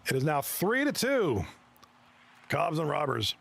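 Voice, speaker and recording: A man giving live commentary on a video game hockey league, reacting excitably to plays and chatting with his viewers. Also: fairly high pitch, vocal fry, husky. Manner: excitable, quick reactions to plays, chuckles often; chats with viewers between plays.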